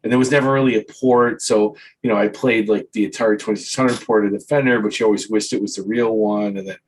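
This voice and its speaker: A man's voice: fairly low pitch, fairly even intonation, fast, breathy edge, rough recording. A man hosting a podcast, talking in a chatty, self-interrupting way. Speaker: podcast host. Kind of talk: casual chat.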